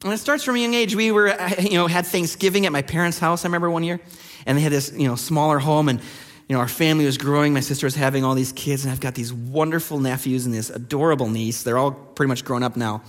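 High-voiced preacher in a reverberant hall. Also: male voice, quick pace. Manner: conversational storytelling with many fillers. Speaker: pastor. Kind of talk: sermon.

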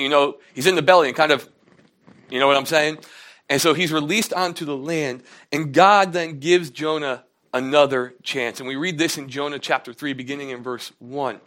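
A young male pastor gives a relaxed, conversational sermon with a slightly higher voice. He slips into the characters' voices as he retells the story. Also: a little fast. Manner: casual storytelling sermon, acts out characters' lines.

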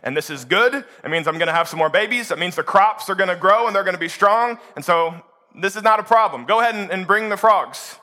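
A preacher putting on a proud, dismissive ancient king who drawls his lines slowly and scoffs at every threat. The voice stays high and bright, with a sharp, forceful edge. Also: expressive. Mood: scoffing.

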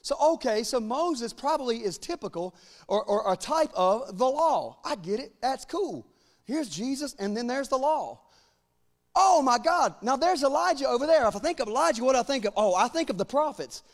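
A man preaching an impassioned sermon, acting out biblical dialogue in casual voices and building to near-shouting peaks. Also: very high voice, lively intonation, moderate pace. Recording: long hall reverb.

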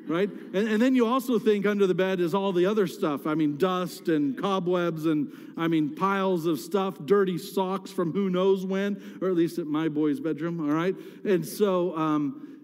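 A man's voice: high-pitched, fairly even intonation, normal speed. Guy preaching a sermon, conversational, gets fired up, long church reverb. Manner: conversational, rising to impassioned cries when voicing David. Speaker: pastor. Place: church sanctuary.

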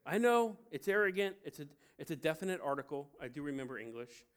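A man's voice: fairly high pitch, very animated, quick pace, clear, resonant tone. A man in his thirties, from Ohio, preaching a sermon in a conversational style with joking asides. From Cincinnati, Ohio. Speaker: pastor.

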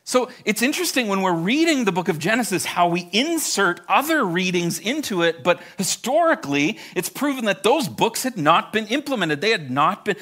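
Bright, lively-voiced male preacher. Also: high-pitched, moderate pace, few pauses. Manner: conversational, repeats words when starting a thought; addresses a live congregation directly. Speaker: pastor. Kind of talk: sermon.

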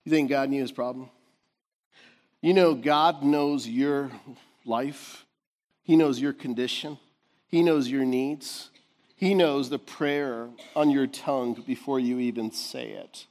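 A man preaching a sermon, animated, laughing often and swinging from shouts to hushed tones. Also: mid-range voice, takes it slowly. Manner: laughs often between points. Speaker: pastor.

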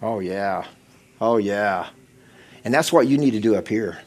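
A male pastor preaching a sermon, swinging from loud exhortation to hushed, intense storytelling. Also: on the low side, a little slow.

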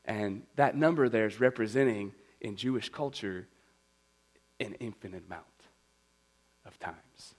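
A man preaching a sermon as a pastor, telling a story in an animated, conversational way. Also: fairly low pitch, unhurried, long pauses, low-quality recording.

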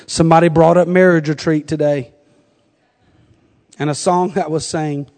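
A man's voice: on the high side, fairly even intonation, moderate pace, darkish tone, in a large hall. A middle-aged man from North Carolina with a Southern accent, preaching a sermon with humorous stories and frequent laughter. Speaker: pastor.

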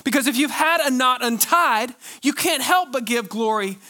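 A male pastor preaching a sermon, pressing his points with rhetorical questions and drawn-out pauses. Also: very high-pitched, animated, bright, forceful tone.

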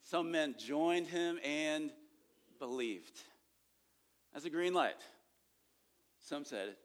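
A man's voice: on the high side, very slow, long pauses. A man preaching a sermon on sharing faith, talking conversationally and checking in with the listeners often. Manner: conversational, repeats points with frequent "okay?" check-ins. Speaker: pastor teaching evangelism.

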